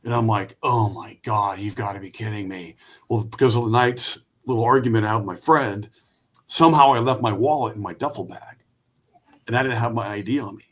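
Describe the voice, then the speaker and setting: A man, an Army veteran guest, telling a lively anecdote and acting out the voices of the people in it. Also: mid-range voice, a little fast. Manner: lively storyteller who acts out quoted voices. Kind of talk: storytelling anecdote.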